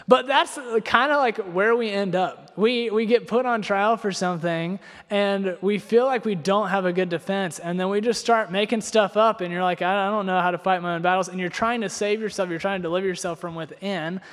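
A young man from North Carolina delivers a sermon full of personal stories. He rambles and pokes fun at himself, leaning on filler words. His voice sits a little high and rings out with long reverb across a church hall. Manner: rambling, self-deprecating, heavy on filler words. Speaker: preacher.

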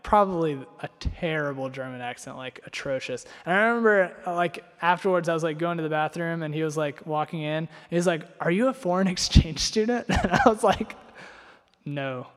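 Rambling young preacher in a reverberant hall. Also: male voice, on the high side, brisk, few pauses, fairly bright tone. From North Carolina. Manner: rambling, self-deprecating, heavy on filler words. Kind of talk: sermon with personal storytelling.

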